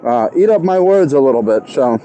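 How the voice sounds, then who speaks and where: A man vlogging casually outdoors on a city street with a clip-on mic, deliberately trying to enunciate every word. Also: mid-range voice, animated, dark tone, lo-fi sound, slight background noise. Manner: self-aware, trying hard to enunciate. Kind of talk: casual self-talk vlog.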